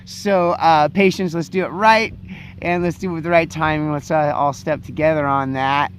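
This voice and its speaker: High-voiced playful male host. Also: fairly even intonation, slight background noise. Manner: playful and theatrical, with drawn-out emphasis. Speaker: show host. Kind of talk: casual monologue.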